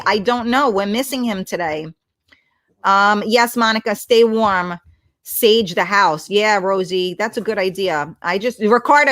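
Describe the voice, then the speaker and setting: A woman's voice: a little high, fairly bright tone. A woman hosting a casual livestream from home on her laptop mic, chatting bluntly with viewers and swearing freely. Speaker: livestream host. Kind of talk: casual live-stream chat reading comments.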